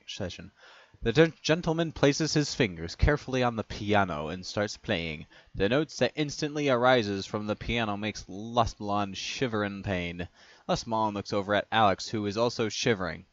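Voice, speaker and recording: Sarcastic man reader, lowish lively voice, dull dry lo-fi recording. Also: dry recording. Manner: sarcastic, laughs at his own remarks. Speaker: reader and commenter. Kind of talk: reading fan stories aloud with commentary.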